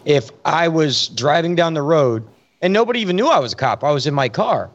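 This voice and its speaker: A man's voice: on the high side, brisk, muffled recording. A man, a police officer, chatting casually and telling stories from his work, swearing freely. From Florida. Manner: storytelling, swears freely, relaxed drawl. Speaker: podcast co-host, police officer. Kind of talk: casual chat.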